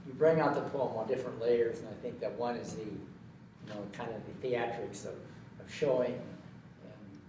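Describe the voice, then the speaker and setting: A man's voice: mid-range voice, steady tone, moderate pace, few pauses, very echoey, far from the mic, noisy background. A man in the audience giving thoughtful comments and questions about a poetry reading, searching for his words. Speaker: audience member.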